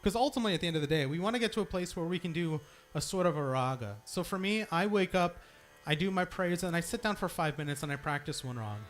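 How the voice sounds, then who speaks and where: A man's voice: on the high side, expressive, fast, faint music behind. Upbeat young man teaching singing. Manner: encouraging, demonstrates sung notes. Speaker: temple singing leader. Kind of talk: teaching vocal practice to a congregation. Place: temple hall.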